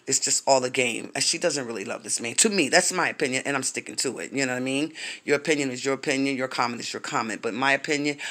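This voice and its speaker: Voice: medium pitch, bright, forceful tone. A vlogger giving sassy, gossipy commentary on a reality show, drawling and calling the viewers honey and baby, sometimes dropping to a whisper. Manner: drops to a whisper for racy gossip.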